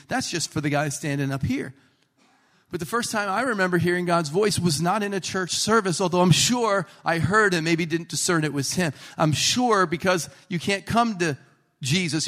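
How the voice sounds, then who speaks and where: A man preaching a sermon in a humorous storytelling way, acting out the people he quotes. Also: a little high. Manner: animated, jokey, acts out quotes.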